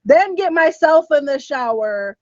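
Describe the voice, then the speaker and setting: A woman on a podcast, telling a story in an animated, emphatic way and laughing as she goes. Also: sits high, unhurried, no room sound. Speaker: podcast co-host. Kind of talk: casual storytelling chat. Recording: dull, slightly muffled podcast audio.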